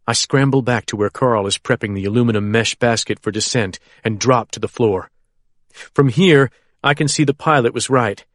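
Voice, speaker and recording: Male audiobook narrator, steady and measured, medium pitch, dry booth. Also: dry recording. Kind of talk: first-person thriller audiobook narration.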